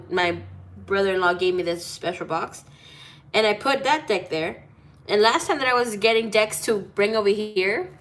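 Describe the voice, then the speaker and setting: A woman's voice: mid-range voice, fairly bright tone. Chatty, playful woman tarot reader. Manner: chatty and playful, laughs often, swears casually. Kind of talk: casual tarot reading chat.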